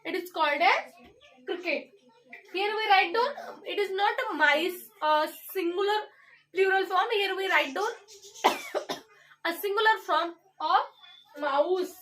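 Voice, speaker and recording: Young indian woman student teacher, really high voice, spells words out, a bit far from the mic. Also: takes it slowly, pauses often, a bit bright, a little hiss or hum. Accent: Indian English. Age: young adult. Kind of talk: classroom English lesson.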